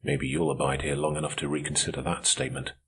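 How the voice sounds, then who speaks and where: Guy doing a soft-spoken polite rebel, low and slow, real deep and husky, audiobook reading. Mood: quiet firm. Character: gentle polite revolutionary man.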